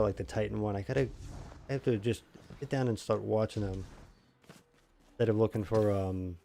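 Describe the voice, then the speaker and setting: A man's voice: lowish voice, mellow, a little hiss or hum. A man streaming a video game, chatting casually with viewers, self-mocking and rambling with lots of fillers. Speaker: gaming streamer. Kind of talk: casual live-stream chat while gaming.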